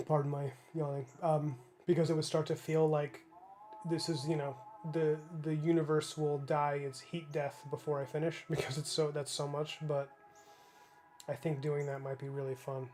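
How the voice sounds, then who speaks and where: A man in his thirties with a fairly high voice chats casually while painting on a live stream. He rambles and restarts as he thinks aloud and answers viewer chat. A faint hum sits behind him in his home studio. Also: little pitch movement, normal speed, a little mellow. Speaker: livestreaming comic artist.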